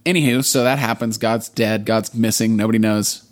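A man's voice: lowish voice, fairly even intonation, moderate pace. A man casually recapping a TV episode, rambling and swearing a lot, filling his speech with "like.". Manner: profane, rambling, lots of "like". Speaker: podcast co-host.

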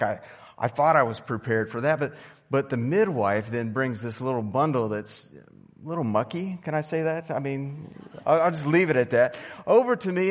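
A young adult man preaching a sermon as pastor, telling stories with animated bursts of excitement. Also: on the high side. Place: church sanctuary. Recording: long reverb of a church hall.

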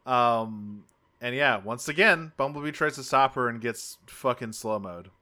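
A man's voice: medium pitch, unhurried, pushed and bright. A man co-hosting a podcast, casually recapping a cartoon episode in a rambling, self-correcting way with offhand swearing. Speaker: podcast co-host.

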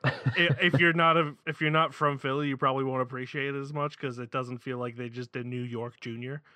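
Excitable male podcast co-host from the Philly area, bright, punchy delivery. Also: medium pitch, a little fast, clean tone, no echo. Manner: animated, excitable, swears freely. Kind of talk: casual chat.

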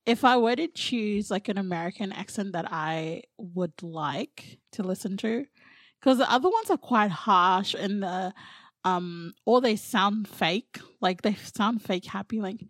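A woman's voice: mid-range voice, expressive, unhurried, no echo, studio quality. A woman chatting casually, giggling often and hesitating with fillers. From Australia. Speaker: podcast co-host. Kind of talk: casual chat.

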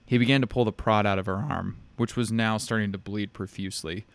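A man reading a dark fantasy story aloud in a steady, measured way. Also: fairly low pitch, gravelly. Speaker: narrator.

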